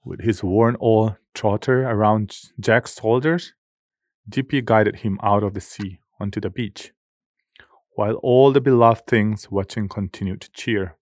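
Male audiobook narrator, lowish voice, close dry sound, measured and expressive. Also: no echo. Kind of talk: scripted narration.

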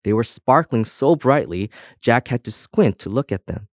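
A man narrating a children's storybook in an expressive storytelling manner. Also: medium pitch, moderate pace, no room sound, clean studio sound. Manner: expressive storytelling, voices each object. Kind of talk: audiobook narration.

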